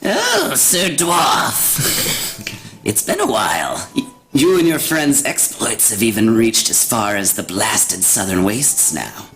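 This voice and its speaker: A man putting on a wicked old hag who taunts her listener, her pitch leaping up and down as she cackles between threats. She sounds low and sly one moment and shrill the next, and the sound is a storytelling game at the table. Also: wildly swooping pitch, slow pace, a bit bright, heavily acted, rough recording. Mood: mocking. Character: cruel scheming old female hag.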